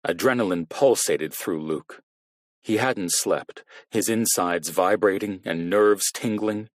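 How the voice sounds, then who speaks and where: A man narrating a thriller audiobook in a measured, even reading. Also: low-pitched, no room sound, clean studio sound. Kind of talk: scripted narration.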